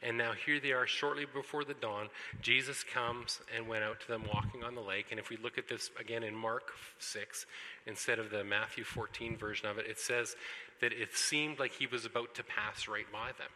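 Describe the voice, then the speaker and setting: A man preaching in a church hall, his voice very bright and forceful. He talks in an animated way and jokes with the congregation. A long reverb from the hall trails behind his words. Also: mid-range voice. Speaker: pastor. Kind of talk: sermon.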